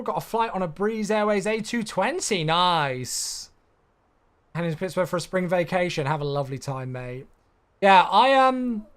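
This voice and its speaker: A man's voice: sits high, clean tone. Sleepy guy on his flight sim stream, just chatting w chat, easygoing. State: sleepy, yawning. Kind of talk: casual live-stream chat.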